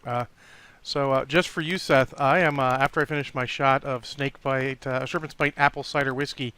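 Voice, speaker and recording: A man's voice: mid-range voice, fairly even intonation, normal speed, pushed and bright, clean tone, no echo. A man hosting a casual podcast chat over a video call, upbeat and laughing often. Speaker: podcast host.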